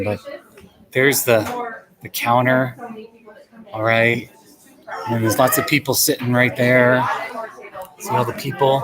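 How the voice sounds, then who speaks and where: A man hosting a casual livestream from a busy coffee shop, chatty and playful as he reads questions aloud. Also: mid-range voice. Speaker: livestream host. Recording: noisy coffee shop crowd. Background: loud crowd chatter.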